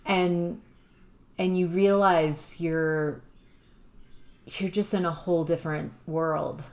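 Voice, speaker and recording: A woman giving an intuitive tarot reading to the viewer, musing and halting, with sudden exclamations of surprise. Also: low-pitched, a little mellow. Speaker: tarot reader.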